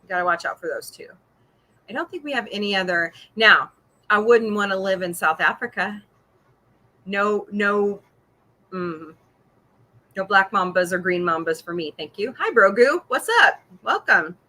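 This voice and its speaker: Middle-aged lady chatting on her stream, bright voice, laughs a lot, rambles along. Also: medium pitch, moderate pace. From Missouri. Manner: chatty, laughs often, reads viewer comments. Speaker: podcast host. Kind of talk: casual livestream chat.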